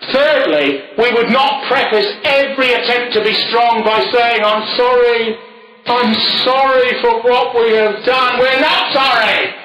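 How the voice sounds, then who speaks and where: Man, forceful bright tone, rambling anecdotal monologue with chuckles. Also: very high voice, echoey room, low-quality recording. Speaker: speaker. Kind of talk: ideological monologue.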